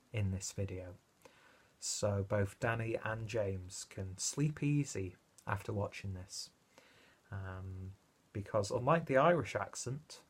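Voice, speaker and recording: A young man reviewing a beer in a casual, rambling vlog, full of ums and asides. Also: mid-range voice. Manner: rambling, self-deprecating, many ums and uhs.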